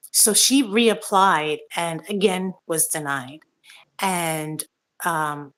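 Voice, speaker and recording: On a casual talk show, a middle-aged host reads out viewer comments while ranting angrily and swearing. Her voice is on the low side with a fairly bright tone.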